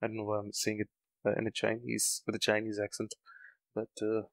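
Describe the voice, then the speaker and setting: A man's voice: lowish voice, completely flat delivery, fairly quick, gravelly, dry recording, low-quality recording. A man hosting a let's play, thinking aloud in casual gameplay commentary. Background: game music.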